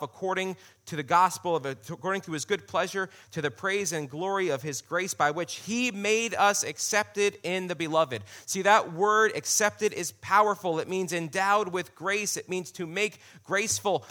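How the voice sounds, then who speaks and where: A man delivers a sermon in an easy, conversational style and comes back to key phrases for emphasis. His voice is bright and ringing, and it sits a little high for a man. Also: normal speed, hardly any pauses. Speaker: preacher.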